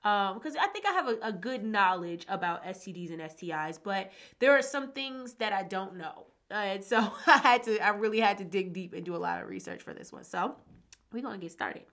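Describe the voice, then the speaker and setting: A young woman. Her voice is bright and forward, and her talk is casual and frank. She speaks openly and swears freely. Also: medium pitch, animated, fairly quick. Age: 20s. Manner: candid and frank, swears freely when frustrated. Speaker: podcast host. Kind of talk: casual solo podcast talk.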